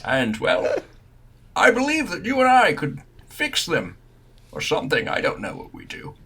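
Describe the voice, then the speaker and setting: Guy doing an awkward old priest, swoopy bright voice, kinda rambly. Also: high voice, huge pitch swings, moderate pace, slightly rough, exaggerated voice. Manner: rambling, unsure.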